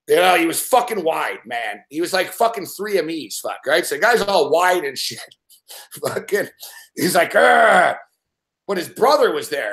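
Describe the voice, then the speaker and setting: A man's voice: a little high, a bit bright. A man telling a rambling story in casual chat, swearing constantly and acting out growls and laughs. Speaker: show regular telling a story.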